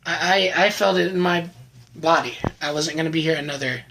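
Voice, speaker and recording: A man giving an earnest, emotional personal faith testimony to the camera, often halting and repeating words. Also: on the high side, bright, forceful tone, slight background noise, poor audio. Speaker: channel host sharing his recovery testimony.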